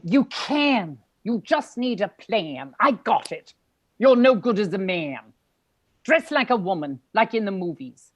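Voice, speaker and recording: Brief: woman voicing a punning lad, slow, sing-song, very dry close sound. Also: medium pitch, very animated, no echo. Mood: teasing. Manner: teasing, slow rhymed banter. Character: playful British young man, punning poet. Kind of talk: live play reading. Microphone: video call.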